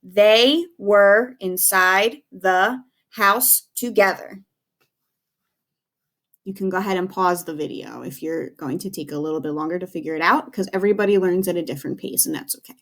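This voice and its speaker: A second grade teacher records a phonics lesson for young kids, speaking clearly and carefully with patience and encouragement. Her voice is fairly low-pitched, and she talks fast with hardly any pauses.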